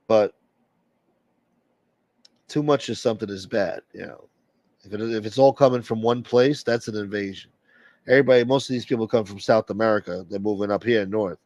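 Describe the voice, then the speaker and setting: A man's voice: on the low side, a little mellow, dry recording. A man hosting a late-night livestream and rambling bluntly through strong opinions in casual chat. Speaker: livestream host.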